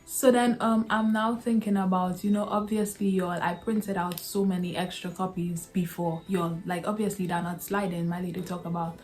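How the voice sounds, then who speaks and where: A woman's voice: lowish voice, little pitch movement, moderate pace, hardly any pauses, faint music behind. A young woman vlogger telling a casual storytime to her viewers, chatty and laughing often, calling them y'all.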